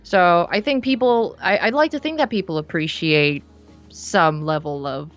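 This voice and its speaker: Woman from south korea, low-ish voice, laid back, rambles with lots of "like"s. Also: moderate pace, lo-fi sound, faint music behind. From Seoul, South Korea. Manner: relaxed, rambling, lots of "like" and restarts. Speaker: musician guest. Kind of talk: casual interview chat. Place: her bedroom studio.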